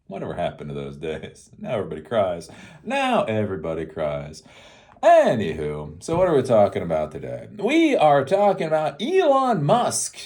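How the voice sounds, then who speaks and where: A man hosting a casual rant, rambling, swearing freely and often laughing. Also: on the low side. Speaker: host.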